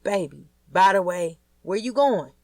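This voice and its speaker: A woman's voice: medium pitch, animated, measured pace, no room sound, studio quality. Narratrice jouant an older wealthy man, cocky, joking, audiobook. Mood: teasing. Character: boastful older rich man, teasing, joking.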